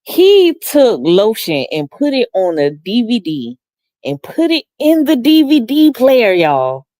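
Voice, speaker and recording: A middle-aged woman hosts a casual stream, her higher voice swooping widely as she tells stories. She talks unhurriedly and laughs often. The sound is dry and close. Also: slow, no echo. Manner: animated, laughs often, acts out quotes in high voice. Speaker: livestream host reading chat comments. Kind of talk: casual storytelling chat.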